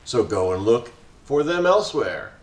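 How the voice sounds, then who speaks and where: A man voicing a smug, lazy male serpent alien gang leader in a game, speaking slowly and mockingly. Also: mid-range voice, very animated, natural voice. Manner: slow, indolent and mocking. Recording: roomy echo, faint music.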